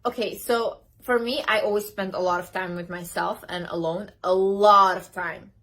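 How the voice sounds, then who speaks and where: A woman's voice: medium pitch, fairly even intonation, moderate pace, a bit bright. A young woman giving casual motivational advice, emphatic, repeating herself for stress and acting out what other people say. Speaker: motivational speaker. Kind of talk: casual motivational talk to camera.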